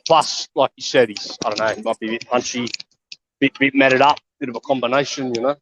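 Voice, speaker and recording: A man's voice: mid-range voice, steady tone, a little fast, highs cut off. A man chatting casually about boxing, talkative and easygoing.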